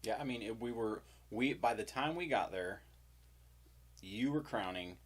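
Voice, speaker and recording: A man co-hosting, telling a story in relaxed casual chat with many fillers. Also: lowish voice, measured pace, husky. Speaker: podcast co-host.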